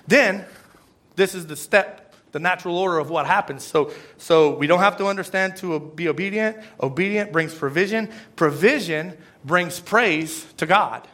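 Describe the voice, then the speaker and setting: A man preaching a sermon in a casual, conversational way, swinging between loud asides and hushed emphasis. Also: high voice, unhurried. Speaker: pastor.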